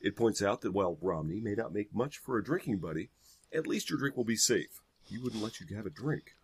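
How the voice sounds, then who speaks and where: A husky, mid-pitched male voice that moves through a lively range. He reads a political ad description aloud and keeps breaking off for sardonic jokes. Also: brisk. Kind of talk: casual comedic reading and chat.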